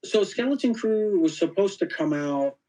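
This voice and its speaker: Man telling lively stories with quoted dialogue. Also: high-pitched, normal speed, low-quality recording. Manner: animated anecdotes, acting out quoted dialogue; frequent fillers like "you know". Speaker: podcast guest. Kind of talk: casual storytelling interview.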